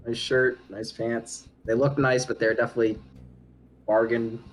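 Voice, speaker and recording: A man's voice: mid-range voice, level tone, moderate pace, faint music behind. Easygoing man describing his character. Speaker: player.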